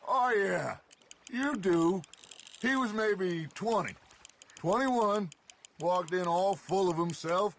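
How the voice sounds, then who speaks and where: An actor playing a charismatic outlaw gang leader who reminisces fondly and with theatrical flair in a video game. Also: male voice, high-pitched, slow, long pauses, a little hiss or hum.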